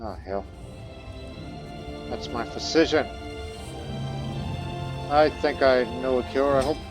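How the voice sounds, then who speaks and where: A gameplay commentator with a medium-pitched voice narrates a strategy game let's-play at a slow pace, reading event text aloud in first person and musing on it. Faint music plays in the background.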